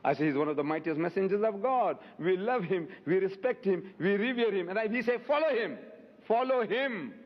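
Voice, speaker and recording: A man giving an impassioned rebuttal in a public debate, forceful and rhetorical, repeating his questions for emphasis. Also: high-pitched, brisk, few pauses. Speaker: debate speaker answering audience questions. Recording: lo-fi hall recording with long reverb.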